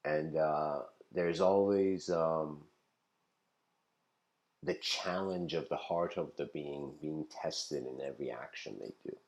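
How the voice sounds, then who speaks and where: Low-voiced man giving a rambling lecture. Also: takes it slowly, a little mellow. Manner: rambling, laughs often, acts out story voices. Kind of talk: informal philosophy lecture.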